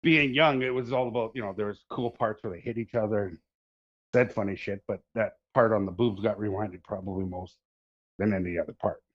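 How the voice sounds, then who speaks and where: A man's voice: fairly low pitch, steady tone, a little fast, highs cut off. A man co-hosting a podcast, talking in crude, joking banter and often repeating himself. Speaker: podcast co-host.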